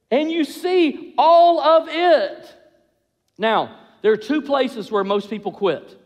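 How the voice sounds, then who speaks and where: High-voiced preaching man, big hall reverb. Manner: animated preaching, acts out voices of couples. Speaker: pastor. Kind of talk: sermon.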